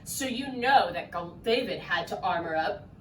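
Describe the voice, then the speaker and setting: A woman leading a scripted children's church lesson in an animated, coaxing way. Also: medium pitch, normal speed, echoey room, distant mic, a little hiss or hum. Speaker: children's program teacher.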